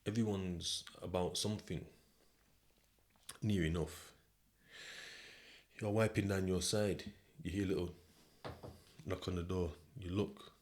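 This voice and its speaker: Deep-voiced British man telling a story. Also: steady tone, a little slow, pauses often, darkish tone. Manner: slang-heavy, conversational, repeats "do you know what I mean". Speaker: podcast host. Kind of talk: casual second-person storytelling.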